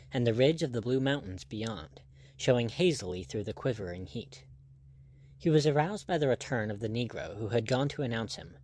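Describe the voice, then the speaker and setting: A man with a voice in the middle range works as an audiobook narrator, giving a measured, expressive scripted reading of an adventure novel.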